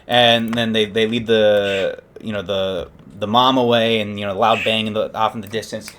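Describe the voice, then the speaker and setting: A man's voice: on the low side, flat delivery, normal speed, fairly bright tone. Rambling young man retelling a story. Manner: rambling, self-correcting, lots of fillers. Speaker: podcast host.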